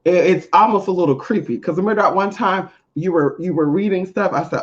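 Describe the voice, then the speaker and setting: A spiritual reader in a casual monologue to viewers, blunt, profane and emphatic, with big swings in pitch. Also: lively intonation, a little fast, few pauses. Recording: dull lo-fi audio.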